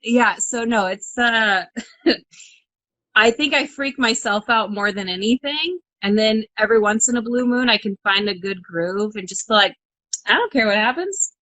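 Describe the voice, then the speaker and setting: Young woman guest, expressive storyteller with frequent laughs, dry close sound. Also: mid-range voice, measured pace, no echo, rough recording. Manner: animated storyteller, acts out her own inner dialogue, laughs often. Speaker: monster truck driver guest. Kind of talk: casual interview chat. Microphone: video call.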